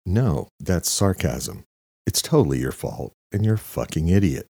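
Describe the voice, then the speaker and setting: A man voicing a captive tough guy who talks calmly and flatly with cutting sarcasm, in a very deep, dark voice. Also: normal speed, husky, no room sound, clean studio sound, exaggerated voice.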